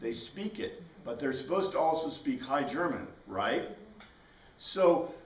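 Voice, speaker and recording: A man's voice: medium pitch, lively intonation, unhurried, distant mic. Man teaching a class in an echoey room. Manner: conversational, asks the class questions, frequent "right?". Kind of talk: informal classroom lecture.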